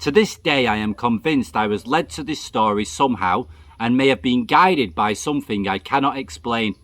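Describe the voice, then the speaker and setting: A man and channel host reading a true story aloud in a steady, reflective storytelling manner. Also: medium pitch, normal speed, dry recording.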